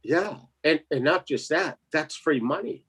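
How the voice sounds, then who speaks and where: A man's voice: on the high side, animated, a little slow, a bit bright, husky. A man telling a story in casual chat, laughing often and acting out the other voices in it. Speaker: co-host.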